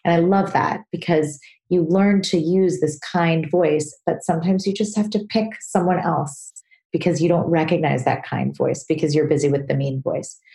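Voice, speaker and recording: A woman answers listener questions on her parenting podcast. Her voice sits fairly low and mellow, and she sounds earnest, acting out little examples along the way. The recording has a noticeably roomy echo. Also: fairly even intonation, moderate pace, vocal fry. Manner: warm, earnest, explains with acted examples. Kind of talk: solo advice talk.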